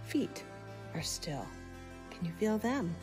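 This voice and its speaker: A woman gently guiding children through a mindfulness exercise, calm and softly asking questions. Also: lowish voice, slow, music in the background.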